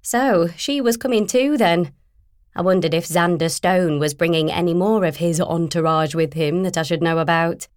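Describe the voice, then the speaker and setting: Woman reading a story aloud, kinda low voice, dry close sound, wry and steady. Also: normal speed, no echo. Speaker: audiobook narrator. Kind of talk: first-person novel narration.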